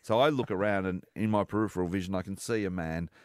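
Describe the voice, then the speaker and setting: A lowish male voice tells a self-deprecating story with deadpan timing. The sound is dry and close on a studio mic. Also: fast talker, no room sound. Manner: deadpan, self-mocking anecdote telling. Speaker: comedian guest. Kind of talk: comic storytelling.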